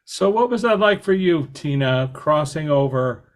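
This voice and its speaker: A man hosting a podcast interview, talking in a halting way with many fillers and restarts. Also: a little high, lively intonation. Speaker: podcast host. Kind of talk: conversational interview.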